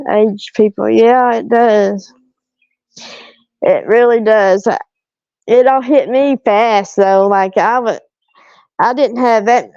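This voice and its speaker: A woman's voice: on the high side, a little mellow, dry recording, highs cut off. A woman chatting casually on a live stream from her parked car, self-deprecating and laughing often as she answers viewer comments.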